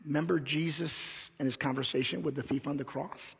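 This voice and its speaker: A man preaching a sermon as pastor, repeating key lines slowly and dropping to a whisper for emphasis. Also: a little high, steady tone, creaky, fairly bright tone, breathy edge. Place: church sanctuary. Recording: dull lo-fi recording in a reverberant church hall.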